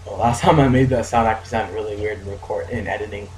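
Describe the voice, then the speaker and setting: A man's voice: lowish voice, fairly even intonation, fast talker, a little mellow, echoey room, rough recording. A young man giving casual gameplay commentary with offhand, dry asides. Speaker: let's play host.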